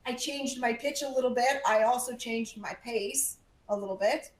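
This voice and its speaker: Emphatic female speaking coach, higher voice, roomy presentation hall sound. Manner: energetic and emphatic, varies volume and pace, uses pauses. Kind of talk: presentation to a live audience. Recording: echoey room.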